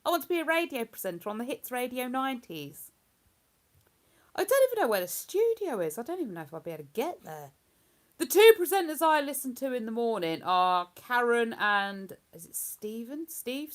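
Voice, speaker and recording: A woman hosting a livestream in casual, rambling chat. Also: fairly high pitch. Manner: rambling, chatty, breaks into hummed tunes. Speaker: livestream host.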